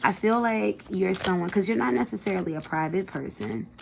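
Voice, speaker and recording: A woman's voice: mid-range voice, fairly quick, vocal fry, a little hiss or hum. A woman giving a casual pick-a-card tarot reading, chatty and colloquial, talking straight to her viewers. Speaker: tarot reader.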